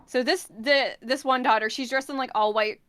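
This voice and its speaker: A woman's voice: high-pitched, steady tone, normal speed, fairly bright tone, clear, resonant tone, no echo. A young adult woman narrating as game master in a tabletop game, casual with many fillers.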